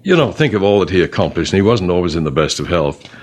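A man preaching a sermon in a conversational way, quoting scripture and voicing God's words gently, then rising sharply for emphasis. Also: low-pitched, sing-song, fast.

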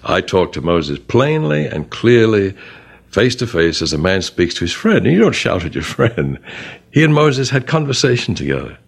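Lively, low-voiced male preacher. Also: moderate pace, creaky, slightly rough. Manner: conversational, rising sharply for emphasis, voicing God's words gently. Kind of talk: sermon.

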